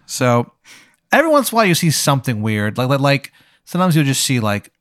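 A man's voice: mid-range voice, sing-song, fast, a bit bright, no echo, clean studio sound. A man hosting, improvising a comedic story in a rambling way, full of "like" fillers. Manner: rambling, heavy use of "like" fillers, laughs while talking. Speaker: host and game runner.

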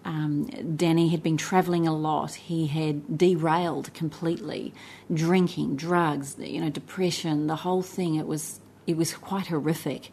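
A woman's voice: low-pitched, darkish tone, a little hiss or hum. A middle-aged woman, an interview guest, telling a personal story in an earnest, reflective way, often building lists of short phrases.

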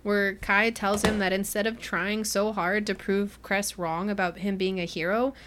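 A young woman hosting a book club podcast, retelling a novel's plot in a chatty, animated way and acting out the characters' lines. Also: mid-range voice, moderate pace, background noise. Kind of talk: casual chat recapping a book.

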